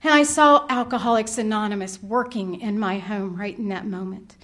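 At a recovery workshop, a middle-aged woman with a mid-range voice talks at a normal speed. Her storytelling is animated and funny, and she acts out what she was thinking.

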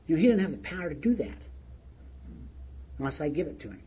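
A man's voice: a little high, very animated, fast, warm tone, husky. A middle-aged man sharing his recovery story in a plain-spoken, storytelling way with chuckles. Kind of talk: recovery meeting share. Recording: muffled lo-fi recording with faint noise.

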